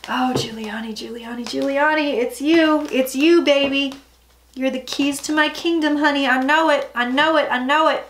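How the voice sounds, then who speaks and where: A woman's voice: high voice, steady tone, normal speed, noisy background. A woman psychic giving a casual tarot reading vlog, chatty and emphatic, often dropping into murmured asides.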